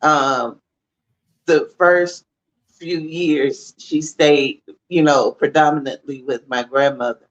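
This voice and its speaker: A man telling relaxed, unhurried anecdotes as an interview guest, with pauses and fillers. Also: on the high side, dull audio. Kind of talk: casual storytelling.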